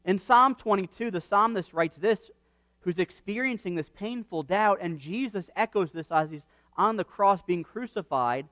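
Guy preaching a sermon, kinda high voice, earnest, gets fervent, dry sound. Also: normal speed, a bit bright, dry recording. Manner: earnest, rising to fervent emphasis on quoted cries.

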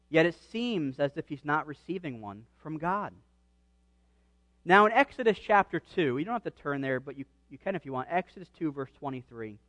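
High-voiced earnest male preacher. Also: fairly bright tone, no echo. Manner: earnest, rising to fervent emphasis on quoted cries. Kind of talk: sermon.

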